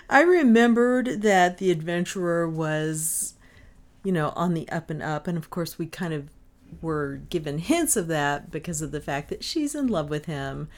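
A woman's voice: sits low, animated, measured pace. A woman casually gushing about a book she has just read aloud. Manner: gushing, enthusiastic. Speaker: audiobook reader.

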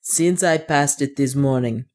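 A woman reading an audiobook voices a loyal male dwarf servant who answers in a low, matter-of-fact way. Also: unhurried, darkish tone. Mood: calm.

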